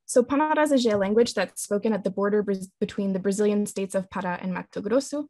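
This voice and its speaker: A woman presenting a linguistics talk with slides, explaining in a measured way with frequent ums and restarts. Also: medium pitch, warm tone, no room sound.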